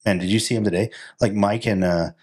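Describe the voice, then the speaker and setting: Deep-voiced male co-host, loose rambling delivery that acts out inner thoughts. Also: fairly even intonation, fairly quick, darkish tone. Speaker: podcast co-host. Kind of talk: casual conversation.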